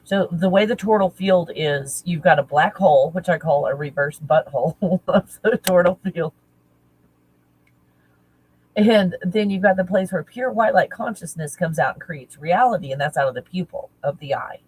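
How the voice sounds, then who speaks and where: A woman talking casually as a spiritual teacher, halting and searching, correcting herself often. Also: fairly low pitch, a little mellow, breathy edge, poor audio. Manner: halting, searching, self-correcting with nervous laughs. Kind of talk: casual channeling talk.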